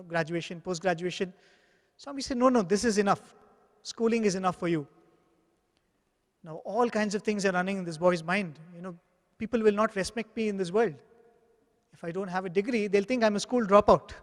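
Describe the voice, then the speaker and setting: High-voiced man, reverberant hall. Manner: earnest, acts out dialogue in anecdotes. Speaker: spiritual speaker. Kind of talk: devotional talk with storytelling.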